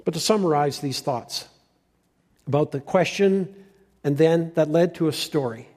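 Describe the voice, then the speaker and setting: An older male pastor gives an earnest farewell sermon in a fairly high voice with a dark, mellow tone. He often stops and restarts his thoughts. His words ring out with the long reverb of a church hall. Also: a little slow.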